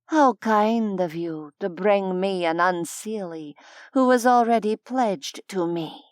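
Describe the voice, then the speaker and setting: Slow purring fae queen, cruel and amused, as a woman narrator puts her on, audiobook. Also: medium pitch, darkish tone, dry recording, studio quality, voice pushed down, lightly acted. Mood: purring mockery. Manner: slow, silky, mocking.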